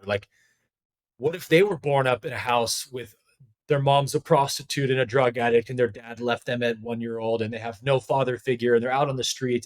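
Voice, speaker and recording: Animated man telling a story. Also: mid-range voice. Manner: animated, conversational, with frequent "like" fillers. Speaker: podcast guest, spiritual teacher. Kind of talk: candid storytelling in a podcast interview.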